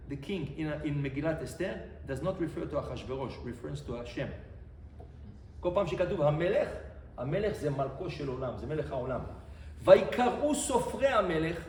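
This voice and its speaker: A man, a rabbi, giving an animated Torah lesson, repeating phrases and quizzing his listeners. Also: on the high side. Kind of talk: Torah lesson to a live group. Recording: echoey room, faint background noise.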